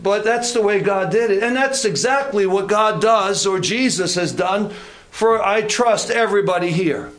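A man preaching a sermon as a pastor, with deliberate, repeated emphasis and folksy asides. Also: sits high, a bit bright.

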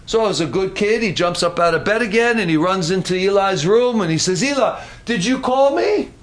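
A man preaching a sermon, telling the story in an animated way and slowing down for dramatic emphasis. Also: high voice. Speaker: pastor.

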